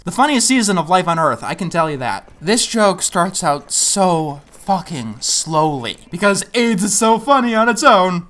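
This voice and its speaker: A man's voice: high-pitched, big pitch swings, a little slow, hardly any pauses, a bit bright. A man delivering a comedy review of a cartoon. He talks in a sarcastic, ranting, profane manner. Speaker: animation reviewer.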